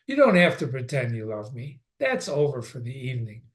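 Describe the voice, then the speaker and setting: A weary, guarded young woman nurse speaks in a soft, slightly raised voice, as a man reading aloud puts her on. She sounds tired and gently resigned, sitting at a middling pitch. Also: big pitch swings, fairly quick, close to an everyday voice. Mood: wistful.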